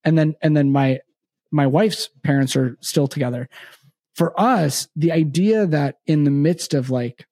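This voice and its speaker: An earnest, middle-aged man hosts a casual podcast chat. His fairly high voice has a mellow tone, recorded dry and close, and he restarts his sentences often. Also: no echo. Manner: halting, many restarts, earnest. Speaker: podcast host.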